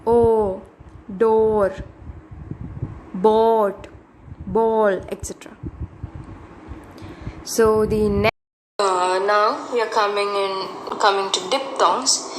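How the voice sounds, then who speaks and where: A woman with an Indian English accent teaching pronunciation, saying example words slowly and repeating them, with many fillers. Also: medium pitch, steady tone, a little hiss or hum. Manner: slow, deliberate, repeats each word, many fillers. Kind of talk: slow phonetics lesson with example words.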